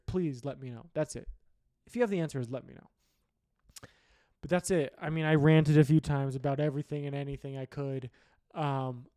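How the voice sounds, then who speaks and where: A man's voice: on the high side, warm tone, dry recording, studio quality. Blunt, profane man ranting about sports. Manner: blunt, profane, opinionated, rambling. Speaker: sports podcast host. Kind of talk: solo sports rant.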